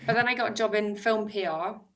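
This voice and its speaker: A British woman, an actor, telling her story as an interview guest, animated and laughing as she acts out her past self. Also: mid-range voice, a little fast, noisy background. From United Kingdom.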